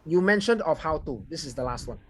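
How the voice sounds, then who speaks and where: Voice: mid-range voice, lively intonation, quick pace, a little hiss or hum. A speaker with a Singaporean accent giving a language evaluation on a video call and correcting grammar and pronunciation. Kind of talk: club speech evaluation.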